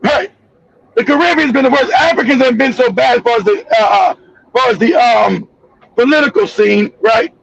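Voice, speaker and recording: Guy ranting on his stream, real high pitched and gravelly, shouting and cussing. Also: normal speed, no room sound, highs cut off. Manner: repeats and restarts words. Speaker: host. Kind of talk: heated reaction commentary. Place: home streaming setup.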